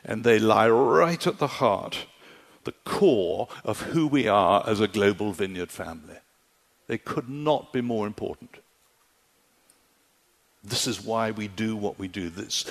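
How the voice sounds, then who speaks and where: A man's voice: lowish voice, fairly bright tone. A man preaching a sermon in an emphatic style, often checking in with his listeners by asking if they see his point. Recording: long hall reverb.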